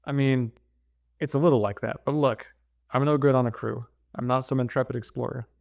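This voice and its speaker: A man's voice: medium pitch, fairly even intonation, a little fast, vocal fry, darkish tone, no room sound, clean studio sound, close to an everyday voice. A man reading a novel aloud, voicing an anxious male science teacher who dodges and makes excuses, in his own plain voice. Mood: nervous.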